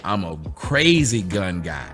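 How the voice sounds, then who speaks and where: A man hosting an interview, talking in a relaxed, easygoing way that turns animated when he jokes. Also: low-pitched, a little slow, over music. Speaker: host. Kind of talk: casual interview.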